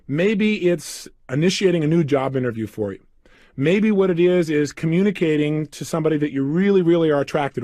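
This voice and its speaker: A man's voice: on the high side, a little mellow, no echo, studio quality. A man coaching listeners through a self-help program, giving emphatic step-by-step instructions. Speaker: motivational coach. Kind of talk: recorded self-help seminar.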